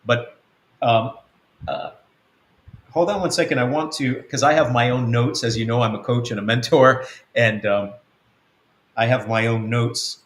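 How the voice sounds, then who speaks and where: A man's voice: medium pitch, a little slow, long pauses. A man, a spiritual coach and mentor, teaching conversationally in a rambling way with many ums, acting out bits of quoted dialogue. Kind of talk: conversational teaching on a web-church show. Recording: roomy echo.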